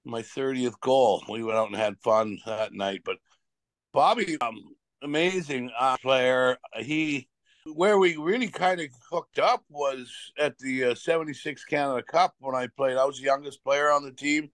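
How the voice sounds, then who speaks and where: A man's voice: mid-range voice, normal speed, no echo. A man in his seventies, a retired hockey player, telling stories in an interview with a rambling, repetitive way of talking. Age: 70s. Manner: rambling, repeats himself, acts out quotes. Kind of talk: casual storytelling in an interview.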